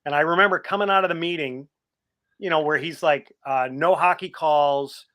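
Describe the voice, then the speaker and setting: A man who is a guest sports broadcaster, chatting casually and telling lively anecdotes while imitating old colleagues. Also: on the high side, fairly quick. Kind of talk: casual reminiscing chat.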